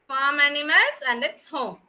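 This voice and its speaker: A kindergarten teacher, her voice very high and bright, patiently quizzing little ones by name. She speaks in a slow, encouraging classroom way during an online lesson. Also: lively intonation. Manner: patient, questioning children by name.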